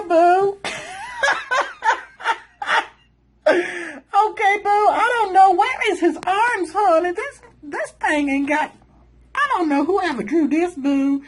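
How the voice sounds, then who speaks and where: A woman with a very high voice, chatting sassily through a self-help book. She keeps calling the listener honey and boo, laughs freely between her comments, and keeps the tone loose and playful. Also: lively intonation, measured pace, low-quality recording. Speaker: channel host.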